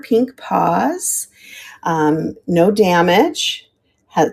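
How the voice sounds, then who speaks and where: A woman's voice: on the low side, vocal fry, darkish tone, slightly rough. An older woman, a retired teacher, chatting casually as she sells vintage items on a live stream and stops now and then to hunt for words. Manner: chatty, friendly, describes items while hunting for words. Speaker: live-stream auction seller. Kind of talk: casual live selling chat.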